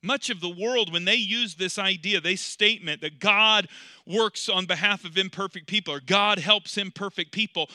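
A male preacher with a high, piercing, very bright voice delivers an evening sermon. He builds to loud, emphatic peaks, then drops into hushed, intimate stretches. The recording is close and completely dry. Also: moderate pace, no echo. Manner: repetitive preaching cadence with rhetorical questions.

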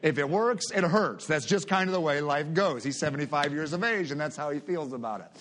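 A man's voice: a little high, fast talker, fairly bright tone. A middle-aged man preaching a sermon, reading scripture aloud and leading his congregation in prayer. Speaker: pastor.

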